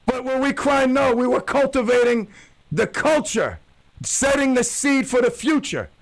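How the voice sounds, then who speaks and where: A man hosting a radio show, ranting loudly about his softball team and mocking whiners in a wailing voice. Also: very high voice, animated, unhurried, low-quality recording. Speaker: radio host and softball coach. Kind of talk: animated radio monologue.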